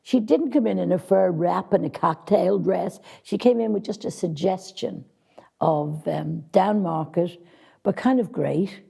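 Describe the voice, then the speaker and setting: A woman's voice: lowish voice, measured pace, gravelly, warm tone, slightly rough. A woman casting director answering interview questions with direct, practical advice for actors, speaking frankly.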